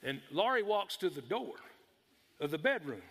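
High, bright preacher in a hall. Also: male voice, normal speed, breathy edge. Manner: folksy, animated storyteller addressing the congregation. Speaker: pastor. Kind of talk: storytelling sermon. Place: church sanctuary. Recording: reverberant hall.

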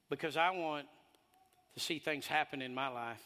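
A man preaching a sermon, animated and emphatic, drawing in the congregation. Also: mid-range voice, fairly quick, big-room sound.

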